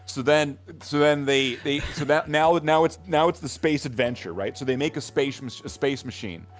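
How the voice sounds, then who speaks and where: A man chatting casually with friends, his voice sitting at an ordinary middle pitch. He tells a long story in loose, rambling bursts, piling on fillers like "like" and "uh" and checking in with "right?" over and over. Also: moderate pace. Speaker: hobby gaming channel regular. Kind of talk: casual chat among friends.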